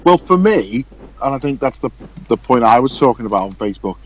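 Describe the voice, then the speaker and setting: A man's voice: mid-range voice, sing-song, brisk, slight background noise, low-quality recording. A man co-hosting a casual podcast, easygoing and often restarting his sentences. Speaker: podcast co-host.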